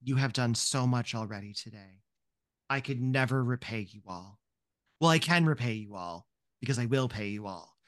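Male GM doing a flustered mum of four kids, fast apologetic patter. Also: extremely low pitch, dry recording, studio quality, pitched below the performer's own voice. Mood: grateful. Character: frazzled grateful mother of four.

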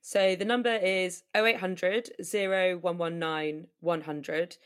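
A woman, a podcast guest, giving details in a steady, plain manner. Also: fairly low pitch, slow pace, smooth. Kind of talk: casual interview answer.

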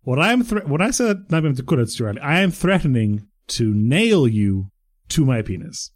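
A man's voice: mid-range voice, very animated, normal speed. A man from Croatia co-hosting a podcast, telling a story in a playful, chatty way. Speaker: podcast co-host. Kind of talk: casual chat.

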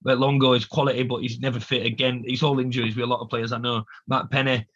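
A man talks fast and hammers his point home in a husky voice. His voice sits a little high, and the audio is dull and lo-fi. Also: level tone, fairly bright tone. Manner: ranting, emphatic, repeats himself. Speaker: podcast co-host. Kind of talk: casual football chat.

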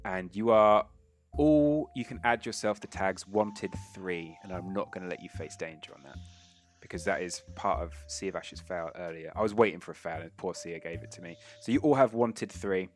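A man's voice: low-pitched, normal speed. A man running a tabletop role-playing game as game master, chatty and laughing often.

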